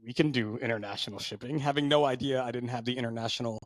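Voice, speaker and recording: Male podcast co-host, mid-pitched, loose rambling storyteller, dry close mic. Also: quick pace, dry recording. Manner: rambling storyteller, lots of fillers and restarts. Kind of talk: casual podcast chat.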